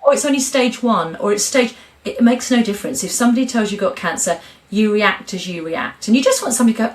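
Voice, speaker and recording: A woman's voice: medium pitch, fast, hardly any pauses. A middle-aged woman talking frankly and expressively as an interview guest. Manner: frank, expressive, animated storyteller. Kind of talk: candid interview conversation.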